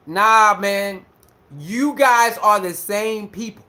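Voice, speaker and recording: Animated high-voiced man ranting casually. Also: takes it slowly. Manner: animated, repeats himself, mimics others mockingly. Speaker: commentary streamer. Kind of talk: casual commentary rant.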